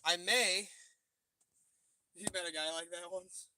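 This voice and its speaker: A man's voice: high-pitched, steady tone, slow pace, background noise. A man hosting a casual livestream, joking and swearing as he chats with viewers from a parked car, recorded on a phone on the dash. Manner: profane, joking banter. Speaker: livestream host. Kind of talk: casual live chat with viewers. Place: parked car by a river at night. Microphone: phone propped on the dash.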